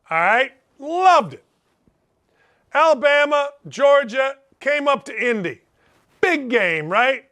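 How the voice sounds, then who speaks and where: A man's voice: very high-pitched, pushed and bright. A middle-aged man hosting a sports talk show, ranting bluntly in a riled-up monologue full of folksy slang. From Indianapolis, United States. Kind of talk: opinionated sports radio monologue.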